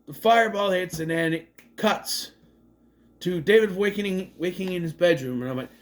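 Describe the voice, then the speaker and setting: A man reviews a film casually at normal speed, his voice high. He recaps the plot with animated energy, cursing and ridiculing scenes in over-the-top voices.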